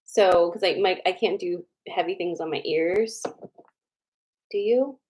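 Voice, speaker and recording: A young adult woman hosting a casual livestream, chatting with viewers, greeting them by name and slowly repeating their choices before a card reading. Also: lowish voice, a little mellow, slight background noise, rough recording.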